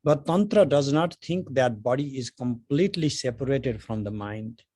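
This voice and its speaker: A man's voice: medium pitch, normal speed, husky, no echo. Conversational male lecturer, dry sound. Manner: conversational, many "you know" fillers, grows animated in anecdotes. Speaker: lecturer on Tantra. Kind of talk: informal introductory lecture.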